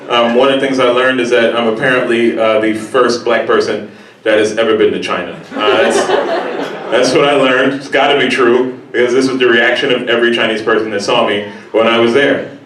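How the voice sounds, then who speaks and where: A man doing a stand-up set in a comedy club, talking casually and acting out people in sudden high squeals. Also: background noise. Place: comedy club stage before a laughing crowd. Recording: roomy live club sound from a distance.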